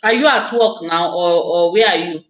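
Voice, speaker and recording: A woman's voice: lowish voice, moderate pace, fairly bright tone, reverberant, dull audio. A woman hosting a casual live stream, chatting effusively and speaking straight to her viewers.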